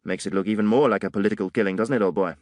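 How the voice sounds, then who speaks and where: A man's voice: on the low side, fairly even intonation, rapid-fire, darkish tone, no room sound, clean studio sound, close to an everyday voice. A man voicing a pompous, condescending colonial police officer in an audiobook, with a drawling, superior manner. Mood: sneering.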